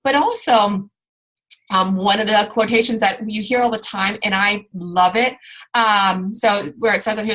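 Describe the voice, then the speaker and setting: A woman's voice: medium pitch, lively intonation, normal speed, fairly bright tone, low-quality recording. A woman giving an informal training talk to her sales team, rambling along with lots of fillers and restarts.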